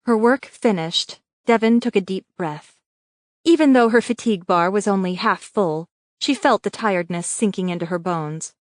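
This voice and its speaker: A woman's voice: medium pitch, no room sound, clean studio sound. Woman narrating an audiobook. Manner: measured, even storytelling. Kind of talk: scripted narration.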